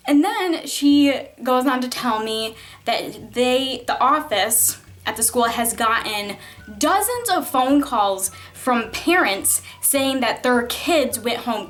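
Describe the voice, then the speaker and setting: A woman's voice: a little high, fairly bright tone. Chatty young woman telling a story. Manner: chatty, filler-heavy, many "like"s, exasperated retelling. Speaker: vlogger. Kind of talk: casual storytime vlog.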